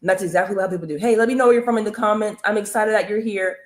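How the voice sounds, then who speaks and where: A woman coaching viewers on a live stream, energetic and repetitive, often urging them to comment and follow. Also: mid-range voice, racing. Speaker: online business coach hosting a live stream. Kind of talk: motivational live-stream talk.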